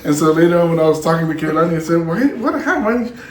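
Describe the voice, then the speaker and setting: A man telling a funny story in casual chat, laughing often and jumping into higher voices when quoting others. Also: completely flat delivery, very fast, darkish tone, recorded from a distance. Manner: laughs often, jumps into high voices for quotes. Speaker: podcast co-host. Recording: echoey room, set back from the mic, faint noise.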